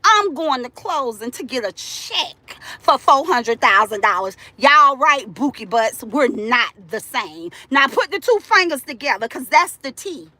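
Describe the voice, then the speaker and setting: An older woman ranting to her live-stream viewers. Her voice is high and bright, and it swings widely in pitch. She talks at an unhurried pace, loud, boastful and profane. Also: very animated, no echo. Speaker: livestream host.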